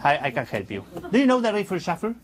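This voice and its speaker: A man's voice: high voice, wildly swooping pitch, fast talker. A man performing as a stage magician, chatting playfully with the audience in slightly broken English.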